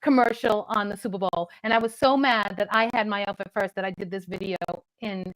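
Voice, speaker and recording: A woman's voice: medium pitch, fairly even intonation, a little fast, poor audio. A middle-aged woman, a comedian co-hosting, rambling and laughing as she bickers with her husband. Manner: chatty, giggly, rambling storytelling. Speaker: comedian co-host. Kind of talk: comic bickering chat.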